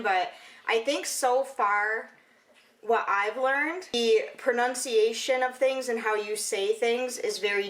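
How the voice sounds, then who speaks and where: A woman's voice: a little high, fairly bright tone, rough recording. A young woman from Michigan with a Michigan American accent, rambling chattily through a casual home vlog with lots of "like" and "you know". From Michigan, USA. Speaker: vlogger.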